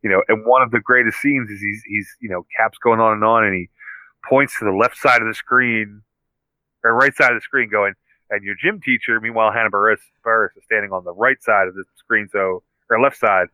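A man co-hosting a podcast, retelling movie scenes in an animated, casual way with lots of fillers. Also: on the low side, brisk, no room sound, low-quality recording. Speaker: podcast co-host.

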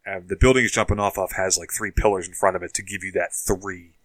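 A man's voice: sits low, steady tone, fast talker, a bit bright, no echo, rough recording. A man co-hosting a casual podcast chat about TV shows, rambling with lots of fillers and asides. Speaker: podcast co-host.

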